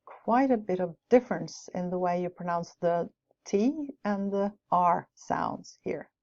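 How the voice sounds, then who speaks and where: A woman lectures in a mellow, soft-edged voice, explaining her points with light asides. The recording is dull and lo-fi. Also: fairly low pitch, a little slow. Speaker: teacher educator. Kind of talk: lecture on teaching English with rhymes.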